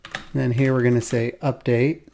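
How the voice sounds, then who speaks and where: A man's voice: mid-range voice, flat delivery, normal speed, creaky, warm tone, slight background noise. A man hosting a code-along programming tutorial, thinking aloud as he types, with keyboard typing behind him.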